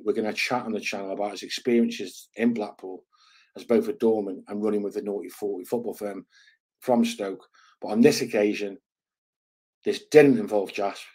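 A man's voice: fairly low pitch, darkish tone, breathy edge. A man hosting his channel, reading a book extract aloud in a casual storytelling way, with earthy slang and asides. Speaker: channel host.

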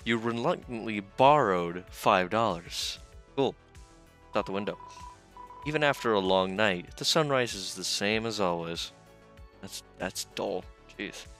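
A young man with a fairly low voice hosts a casual let's-play. He jokes loosely with his viewers and reads the on-screen game text aloud as he goes. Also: unhurried, pauses often, a bit bright, soft background music. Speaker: gaming channel host.

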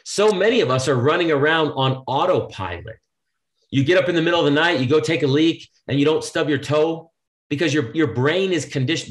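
A man's voice: on the high side, brisk. A male motivational speaker talking as a podcast guest, emphatic and preachy. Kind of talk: podcast conversation.

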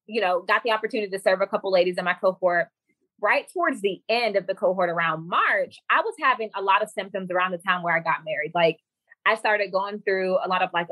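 A woman's voice: medium pitch, no room sound. A young woman, a guest on a podcast, telling her own story in casual chat and acting out what others said. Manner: lively storyteller who acts out quoted dialogue. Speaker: podcast guest, women's coach.

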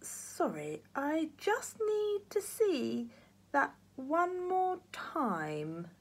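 A woman's voice: high voice, wildly swooping pitch, drawn-out words, voice pushed up, exaggerated voice. A woman voicing a plucky old man, a former wartime pilot, clipped and gallant, in a storybook reading.

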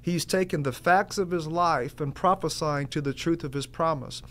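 Male preacher, sermon, earnest and emphatic, fairly high voice. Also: normal speed, fairly bright tone. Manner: earnest, emphatic, repeats key phrases.

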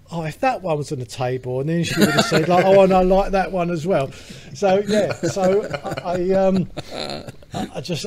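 A man's voice: on the high side, a little mellow. A British man, a podcast co-host, telling a long rambling story in casual chat with lots of fillers. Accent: British English.

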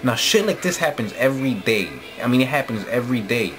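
A man's voice: medium pitch, expressive, fast talker. Angry, profane man ranting over music. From New Jersey. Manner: angry, profane, repeats "you know what I'm saying". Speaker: vlogger. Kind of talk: late-night opinion rant.

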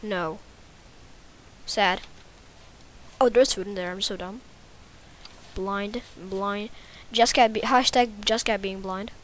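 A woman's voice: mid-range voice, a bit bright, slight background noise. A woman giving casual, rambling, self-mocking commentary while playing a video game. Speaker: gaming YouTuber.

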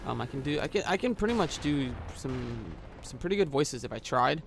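A man's voice: mid-range voice, lively intonation, brisk, vocal fry, a little hiss or hum. Man, casual gameplay commentary, rambling, lots of uhs, headset mic, faint gunfire behind. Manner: rambling, many filler uhs, swearing at the game. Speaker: gaming YouTuber. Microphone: gaming headset.

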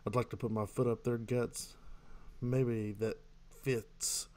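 A man's voice: medium pitch, flat delivery, takes it slowly, darkish tone. Joking man reading game texts aloud. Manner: reads in-game texts aloud, answers with jokes. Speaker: gamer. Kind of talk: let's play commentary.

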